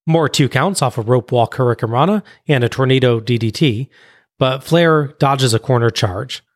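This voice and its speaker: A man on a podcast recapping a wrestling match blow by blow in a brisk play-by-play recounting. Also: mid-range voice, no room sound, clean studio sound. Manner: brisk play-by-play recounting, laughs at own jokes. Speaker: podcast co-host.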